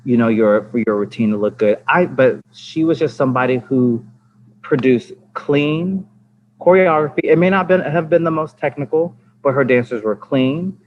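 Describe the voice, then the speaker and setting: On a podcast, a man who teaches dance rambles through a casual conversation, stumbling over many fillers and restarts. He speaks in a mid-range voice at normal speed. The lo-fi recording sounds slightly dull, with faint ambience and slight background noise.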